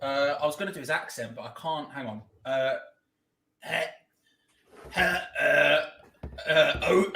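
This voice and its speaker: A man's voice: medium pitch, normal speed, sharp tone, breathy edge. A man hosting a football watch-along, joking and chatting casually. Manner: joking, playful, talks over others. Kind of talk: casual chat.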